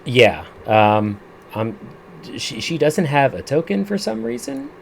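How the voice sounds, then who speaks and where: A man narrating and running a tabletop game as its game master, in a slow, measured way with small restarts. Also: medium pitch, big pitch swings, creaky, slight background noise. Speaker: dungeon master.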